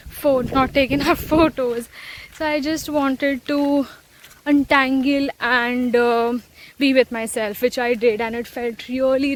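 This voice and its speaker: A woman vlogging her travels in a relaxed, casual way, with lots of fillers and pauses as she shows a hostel room and a beach. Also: high-pitched, noisy background. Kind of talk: casual travel vlog narration. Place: hostel room and outdoors on an island.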